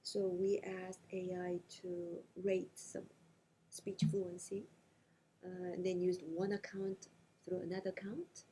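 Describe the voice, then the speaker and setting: A woman researcher speaking in a conversational interview, talking in animated quick bursts with frequent hesitations. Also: lowish voice, low-quality recording. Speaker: invited lecturer being interviewed. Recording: faint background noise.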